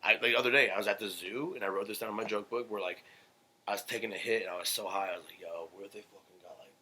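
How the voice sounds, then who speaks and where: A man's voice: fairly low pitch, racing, pushed and bright, a little hiss or hum, poor audio. A young adult man hosting a casual podcast, joking and laughing with a friend and often slipping into silly put-on voices. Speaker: podcast host.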